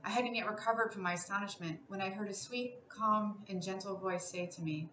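A woman reads a literary story aloud in a measured, expressive way, her voice bright and clear. The sound is roomy, a little distant from the mic, with a faint hiss behind. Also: medium pitch. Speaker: classics professor reading aloud. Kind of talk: literary reading.

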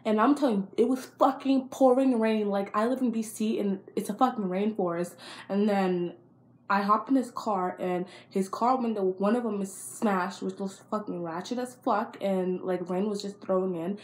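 A woman's voice: medium pitch, fairly even intonation, moderate pace. A young adult woman telling a storytime vlog in a blunt, profane and exasperated way. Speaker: vlogger.

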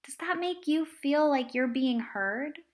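A woman teacher explaining a lesson to children in a lively, animated way. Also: high voice, unhurried. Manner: animated, acts out examples in different voices.

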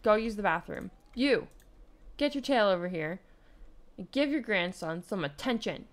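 A woman's voice: medium pitch, animated, normal speed. A young woman giving casual let's play commentary, playfully bossing around the characters in her game. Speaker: gaming YouTuber.

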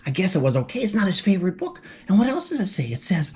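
A woman's voice: mid-range voice, quick pace, hardly any pauses. A woman reading a picture book aloud to children, speaking to them directly as she goes. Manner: animated, talks to children directly. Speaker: children's story reader. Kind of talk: read-aloud storytelling for kids.

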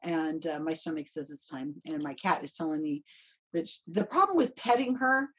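Lady host on a video call, kinda husky, lowish voice, chatty and rambly. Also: lively intonation, normal speed, a bit bright. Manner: chatty, trailing asides. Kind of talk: casual conversation.

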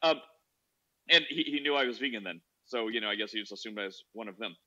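A man's voice: fairly low pitch, fast talker, bright, forceful tone. A man casually telling a long anecdote on a podcast, rambling and filling his talk with "like". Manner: rambling, heavy use of "like" fillers. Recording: dull lo-fi audio.

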